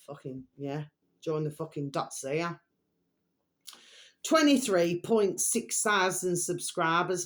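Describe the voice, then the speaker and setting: A woman ranting to her viewers in a vlog, swearing heavily and rambling with constant fillers. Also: fairly low pitch. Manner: swears heavily, keeps calling viewers her delicious little babies; rambling, filler-laden, repeats "okay" and "there we are". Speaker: video blogger.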